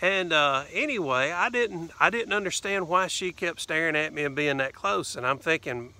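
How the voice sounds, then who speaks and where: A man's voice: a little high, animated, normal speed, few pauses, sharp tone. A man with a Southern US accent telling a rambling, casual story in his vlog, with lots of fillers and "anyway.". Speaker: vlogger.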